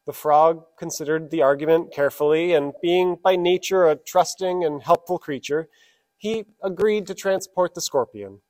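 Fairly high-voiced male preacher. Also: moderate pace, darkish tone. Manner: storytelling, then reverent prayer. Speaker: pastor. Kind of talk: sermon.

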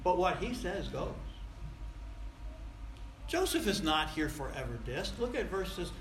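High, bright-voiced man preaching a sermon. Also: very animated, unhurried, slight background noise. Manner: emphatic, swings between loud stress and quiet asides. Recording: echoey room.

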